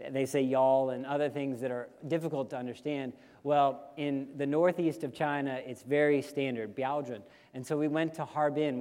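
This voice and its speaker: A male missionary sharing a lively personal story with a congregation and getting listeners to repeat phrases after him. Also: a little high. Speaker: missionary speaker. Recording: long hall reverb.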